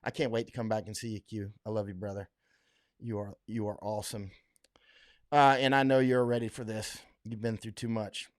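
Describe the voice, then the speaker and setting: His voice is lowish and steady, at a normal speed. This middle-aged Floridian hosts a relaxed livestream, going through viewer comments with blunt emphasis, frequent laughter, and plenty of fillers and false starts.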